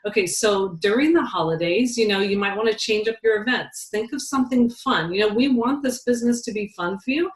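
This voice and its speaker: A woman's voice: medium pitch, brisk, hardly any pauses. Chatty woman in an echoey room. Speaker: team leader. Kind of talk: casual team talk.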